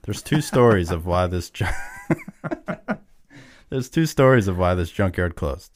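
A man's voice: low voice, sing-song, slow pace, dry recording. A man, co-hosting a podcast, telling stories in an easygoing way. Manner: easygoing storyteller, many fillers like "yeah". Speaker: podcast co-host. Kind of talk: casual chat.

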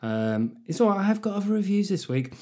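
A man hosting a comedy podcast, riffing jokily with quick asides. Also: high-pitched, very animated, darkish tone. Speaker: podcast host. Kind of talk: casual comic podcast chat.

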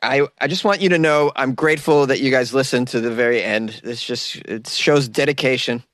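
A man's voice: mid-range voice, moderate pace, fairly bright tone, dry recording, clean studio sound. A man hosting a casual solo podcast, chatty and jokey and rambling, who often laughs at his own jokes. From New York. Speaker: podcast host.

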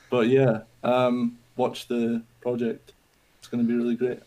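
A laid-back man chats casually, keeping things offhand and relaxed. His voice sits at a middle pitch. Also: takes it slowly, low-quality recording. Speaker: server host and guest. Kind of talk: casual group chat.

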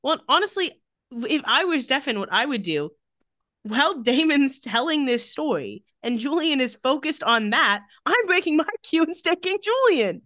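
A woman's voice: sits high, normal speed, no room sound, clean studio sound. Sarcastic woman recapping scenes. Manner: sarcastic, retells scenes by reading lines in a flat voice. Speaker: podcast co-host recapping a TV episode. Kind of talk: casual chat.

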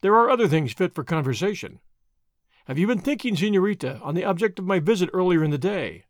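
A man's voice: sits high, expressive, fast, dry recording, studio quality. A man reading aloud as a languid, mocking young Spanish nobleman, in an old adventure storybook, with a drawling, idle delivery.

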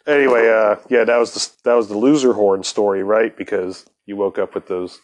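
A man's voice: on the low side, steady tone, moderate pace. A man hosting a casual chat, laid-back and laughing often, with plenty of swearing.

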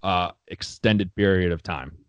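A man's voice: deep voice, a little slow, clear, resonant tone, no echo. A young man co-hosting a casual sports podcast, blunt and opinionated and swearing freely.

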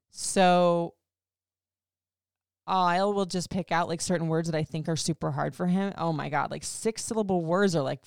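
A woman's voice: deep voice, gravelly, smooth, no echo, studio quality. A woman in her thirties hosting a podcast, chatting emotionally about her family with lots of "like" and "you know". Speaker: podcast host. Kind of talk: casual personal storytelling.

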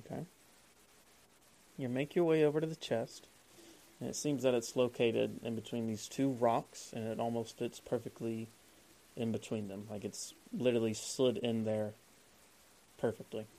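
A man running a tabletop game as game master, describing scenes in a loose, relaxed way. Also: medium pitch, normal speed, pauses often, poor audio.

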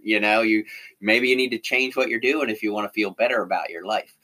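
A man's voice: medium pitch, brisk, a bit bright. A middle-aged man talking candidly in casual conversation, with lots of fillers and restarts. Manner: candid, frequent fillers and self-corrections.

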